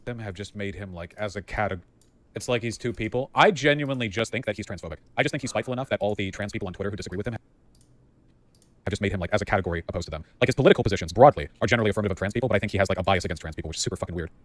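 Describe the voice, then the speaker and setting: A man talking casually on a stream, rattling off opinions in a rush and hedging with frequent fillers. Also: lowish voice. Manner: rapid, hedging with 'like'. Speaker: streamer in a played clip.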